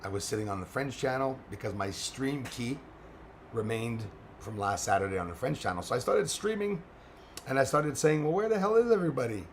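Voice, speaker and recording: A man with a hoarse, strained voice, casually chatting and greeting viewers on a live stream. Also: medium pitch, expressive, moderate pace, slight background noise.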